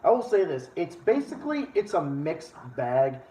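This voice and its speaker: A man's voice: on the high side, sing-song, moderate pace, mellow. A man from Massachusetts with a New England accent, hosting a casual stream chat, talking bluntly, rambling and swearing freely. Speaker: streamer host. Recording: echoey room, dull sound, faint noise.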